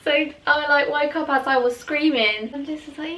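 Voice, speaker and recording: Chatty high-voiced woman, echoey room. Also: normal speed, pushed and bright, far from the mic, slight background noise. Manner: chatty, meandering, laughs mid-sentence. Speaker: vlogger. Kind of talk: casual rambling storytelling.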